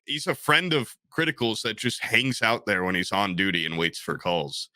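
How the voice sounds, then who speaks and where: A man telling a rambling story on a podcast, his pitch moving freely up and down as he acts out what people said. His voice sounds bright and forward, and the recording is dry and close, with no room sound. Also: big pitch swings, normal speed, dry recording. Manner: rambling storyteller, acts out quotes in shifting voices, swears often. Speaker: podcast co-host. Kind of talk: casual chat.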